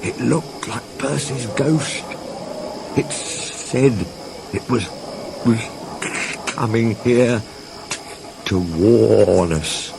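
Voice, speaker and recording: A man's voice: high voice, takes it slowly, background noise, pitched above the performer's own voice. A man voicing a small timid male engine who talks in a shaky, stammering way. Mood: frightened.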